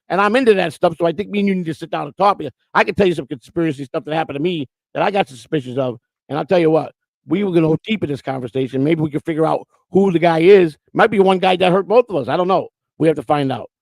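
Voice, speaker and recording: A man's voice: a little high, gravelly, dry recording. A man hosting a casual live stream, joking and teasing as he reads chat messages aloud on a streaming mic. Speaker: host.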